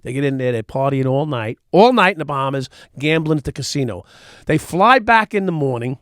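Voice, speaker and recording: A middle-aged man hosting a casual talk show, telling profane, animated stories and acting out the quotes. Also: medium pitch, fairly quick, no echo, studio quality. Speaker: podcast host. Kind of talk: casual storytelling chat.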